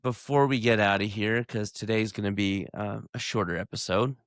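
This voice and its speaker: A man's voice: on the low side, normal speed, no echo, clean studio sound. A man co-hosting a podcast in laid-back casual chat, retelling clips. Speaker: podcast co-host.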